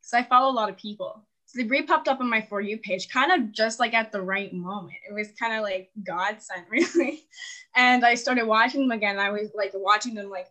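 Brisk and with hardly any pauses, a woman in her twenties talks in a bright, forceful mid-range voice on a low-quality recording. Calling in for relationship advice, she rambles casually and confessionally, full of "like" fillers and frequent laughs.

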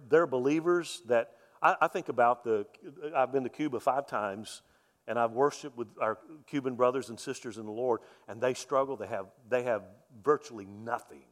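A male pastor preaching a sermon in a folksy, joking way, swinging from loud emphasis to soft, quiet lines. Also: medium pitch. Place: church sanctuary. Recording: long reverb of a church hall.

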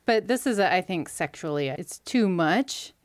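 A woman co-hosting a casual TV recap chat, measured and opinionated. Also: on the low side, animated, no room sound.

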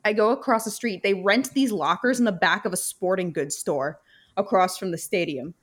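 Chatty young woman, animated storyteller. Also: mid-range voice, normal speed. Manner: animated storytelling, swears freely, many fillers. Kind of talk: casual chat.

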